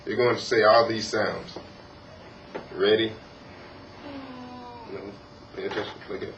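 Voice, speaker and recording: A man quietly coaching his young child through letter sounds, gently insisting that the child pay attention. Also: lowish voice, little pitch movement, a little slow. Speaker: parent teaching his child. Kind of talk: home reading lesson. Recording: distant, muffled old tape with hiss.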